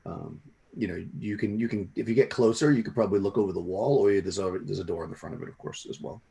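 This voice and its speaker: Gravelly, low-voiced game master. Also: male voice, fast, dark tone. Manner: rambling, many restarts. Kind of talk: narrating a tabletop game.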